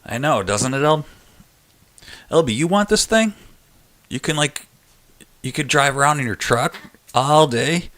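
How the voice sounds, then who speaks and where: A man's voice: on the high side, lively intonation, a little slow, pauses often, a bit bright. A man hosting a casual live chat stream, joking and laughing with viewers as he reads their messages. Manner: chatty and joking, laughs often.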